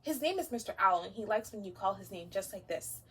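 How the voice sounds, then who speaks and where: A woman teacher leading a story time for young children, gentle and encouraging, talking directly to the kids. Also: mid-range voice, lively intonation, fairly quick, husky.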